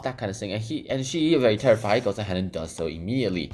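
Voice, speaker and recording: A man's voice: lowish voice, expressive, racing, hardly any pauses, darkish tone. A man casually summarizing a children's book while sketching, rambling with lots of fillers and repeated phrases. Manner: rambling, filler-heavy, repeats "goes ahead".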